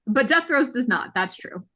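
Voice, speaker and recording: A woman's voice: high voice, husky. A woman running a tabletop game as game master, narrating and laughing with her players. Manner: lively, unhurried, laughs often.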